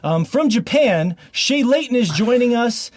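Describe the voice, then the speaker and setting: A man's voice: extremely high pitch, expressive, a little slow, dry recording, studio quality. A man from Montana hosting a casual podcast, joking and laughing often between frequent ums. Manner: jokey, laughs often, fillers like um. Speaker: podcast host.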